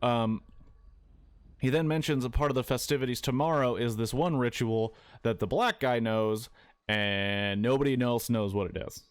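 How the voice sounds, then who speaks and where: A man streaming a game while retelling a film in a casual, excitable way, swearing often and with plenty of fillers. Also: medium pitch, moderate pace, smooth, no room sound. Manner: excitable, profane storytelling with many fillers.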